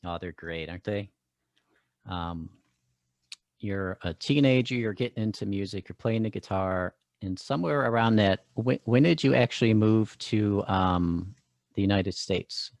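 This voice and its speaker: A man hosting a podcast interview, talking in a halting way with many fillers. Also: on the low side, no room sound. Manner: halting, friendly, lots of fillers. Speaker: podcast host. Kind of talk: casual interview.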